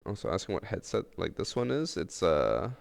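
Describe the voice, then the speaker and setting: A man's voice: sits low, big pitch swings, normal speed, vocal fry. A man streaming games live, talking in a laid-back, rambling way full of fillers. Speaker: game streamer. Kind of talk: casual live-stream chat. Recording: long room reverb.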